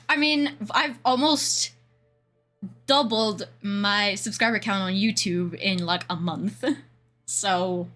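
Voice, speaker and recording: A woman's voice: medium pitch, extremely slow, pauses often, a bit bright. A young woman with a Swedish accent chatting casually on a livestream, rambling and laughing often. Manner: giggly, rambling, frequent laughter. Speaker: streamer.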